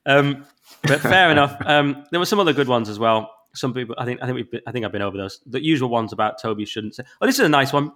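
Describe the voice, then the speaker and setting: A man with a Northern English accent talks in his middle register, ranting about listener reviews. He is exasperated and sweary, and his voice leaps up in sudden loud spikes. He is getting over the flu, yet he keeps the casual back-and-forth of a podcast chat. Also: medium pitch, fast talker. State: recovering from flu. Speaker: podcast co-host.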